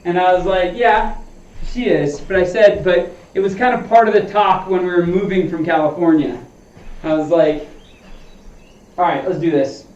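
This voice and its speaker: A man's voice: sits high, steady tone, moderate pace, a little mellow. A man live-streaming golf practice, explaining his swing feel to viewers and talking to himself between shots. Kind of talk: casual live-stream chat while practicing. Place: home simulator room. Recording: roomy dull sound, mic at a distance.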